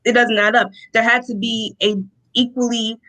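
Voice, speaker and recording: A young woman from Rochester, New York, a guest telling a personal testimony in an interview, animated and often acting out what people said. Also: a little high, moderate pace, poor audio. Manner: animated storytelling, acting out quotes, laughs often.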